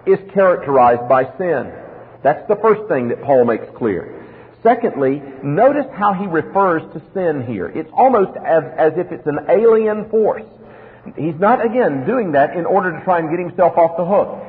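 A male pastor preaching an expository sermon, asking rhetorical questions and acting out little dialogues. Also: fairly high pitch. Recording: tinny lo-fi sermon recording in a reverberant hall.

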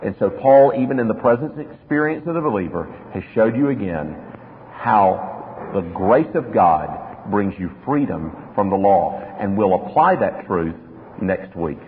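A man's voice: on the low side, expressive, unhurried, slight background noise. A male pastor preaching an expository sermon, asking rhetorical questions and acting out little dialogues. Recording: tinny lo-fi sermon recording in a reverberant hall.

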